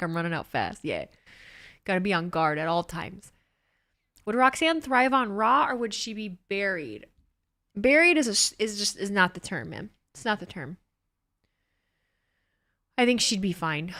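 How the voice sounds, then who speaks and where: Lively, bright-voiced woman streamer. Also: lowish voice. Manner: animated, laughing, swearing, reacting to chat. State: slightly wheezy. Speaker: wrestling watchalong streamer. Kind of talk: casual live-stream chat.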